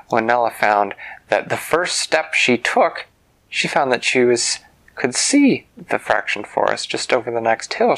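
A man improvising a bedtime story, musing slowly and often dropping to a near whisper. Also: mid-range voice, vocal fry, a bit bright.

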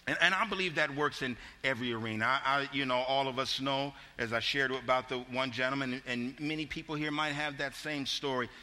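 A man's voice: medium pitch, fairly even intonation, fairly quick, few pauses, bright, forceful tone, long reverb tail. A man preaching a sermon, telling a folksy story with frequent restarts and repeated words.

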